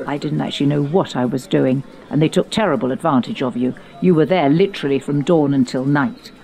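In a low voice, an older woman from England recalls her younger years on a podcast she hosts. The reminiscing conversation is lively storytelling, spiced with playful quoted voices.

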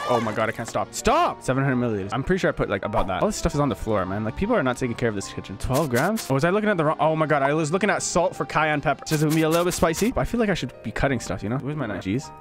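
A man narrating his own gameplay at a quick clip, his voice leaping up and down in pitch. He mutters orders to himself, then bursts into exclamations and swearing. Loud game music runs under everything he says. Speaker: gaming video creator. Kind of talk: casual gameplay commentary.

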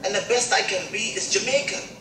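A man's voice: high-pitched, brisk, pushed and bright, far from the mic, a little hiss or hum. A man playing a proud, stubborn bobsledder who argues about keeping his own style, heard in an echoey movie clip with music. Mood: insistent. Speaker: movie character.

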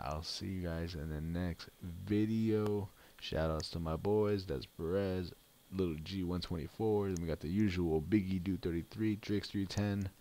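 A man with a very deep, low voice gives casual play-by-play of a mobile card game. He grumbles and complains about his luck as he plays, in an easygoing, off-the-cuff way. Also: mellow. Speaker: gaming channel host.

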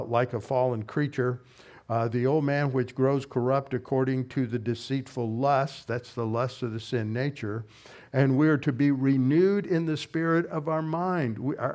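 A man preaching an expository sermon, methodically explaining verses and Greek grammar and slowing down to stress key words. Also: medium pitch, darkish tone. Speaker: pastor. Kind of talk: expository Bible teaching sermon.

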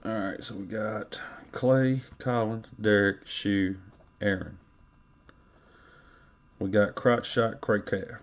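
A man's voice: lowish voice, steady tone, takes it slowly, pauses often, dull audio. A man hosting a live card-opening stream, calling out card names and teasing viewers with joking banter. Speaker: live card-break host. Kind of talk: casual livestream commentary.

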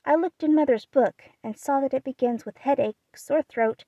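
A woman voicing a gentle, shy young girl in an audiobook reading, speaking softly and earnestly. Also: high-pitched, moderate pace, dry recording, highs cut off, voice pushed up. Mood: sad. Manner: soft, quiet, earnest.

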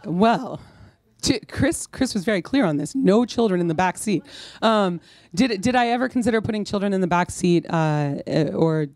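A woman's voice: deep voice, dark tone, no room sound. Woman author, wry self-mocking storyteller, dry close sound. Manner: rambling, self-mocking storyteller with many restarts. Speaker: author at a bookstore event. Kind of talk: conversational Q&A and anecdote. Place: bookstore event before an audience.

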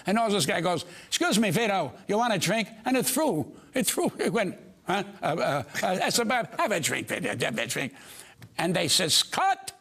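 A man's voice: high voice, gravelly, fairly bright tone, slightly rough. An older man, a comedian guest telling brash stories on a talk show and acting out the other people's voices. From United States.

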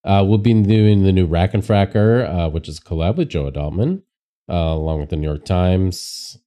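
A man co-hosting a livestream, chatting casually while solving a crossword, relaxed and halting with many fillers. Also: low voice. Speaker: streamer co-host.

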